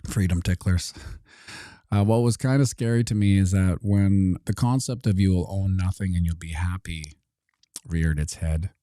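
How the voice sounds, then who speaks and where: A man with a low, mellow voice delivers a sarcastic casual commentary monologue. He slips into quick mock dialogues, jumping up in pitch to play both sides. The sound is dry and close, with little room. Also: fairly even intonation, no echo. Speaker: host.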